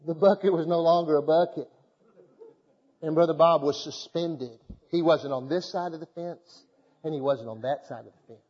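A man preaches, sliding from relaxed folksy storytelling into fervent, emphatic calls to his congregation. His voice sits high for a man. The sound is muffled and rings through a reverberant church hall. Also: moderate pace, slightly rough. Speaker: pastor. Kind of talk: sermon.

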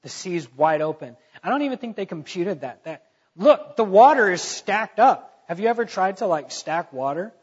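A man's voice: high voice, animated, normal speed, breathy edge, in a large hall, lo-fi sound. A man preaching a conversational sermon, telling the story in casual talk with fillers and stressing key points.

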